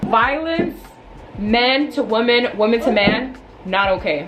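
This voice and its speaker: A woman in her twenties telling a storytime vlog in a chatty, animated way, full of "like" and asides. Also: on the high side, measured pace, noisy background. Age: 20s. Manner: animated, chatty, filler-heavy. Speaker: vlogger. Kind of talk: casual storytime.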